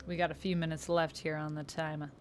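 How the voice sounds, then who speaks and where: A woman with a lowish voice chats on a relaxed livestream as she colors. She talks easily and reads out and thanks her viewers one after another. Soft music plays quietly under her voice. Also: fast. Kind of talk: casual livestream chat while coloring. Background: faint background music.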